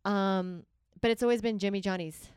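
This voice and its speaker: A woman co-hosts a podcast, chatting casually and laughing often. Her mid-range voice is darkish and clean, at a moderate pace, recorded with clean studio sound and no room echo.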